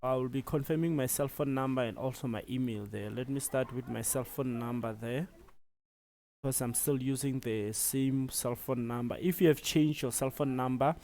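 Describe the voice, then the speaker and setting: A South African man giving a relaxed step-by-step tutorial, with many fillers as he explains. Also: mid-range voice, moderate pace. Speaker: tutorial presenter. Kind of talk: screen-recorded tutorial.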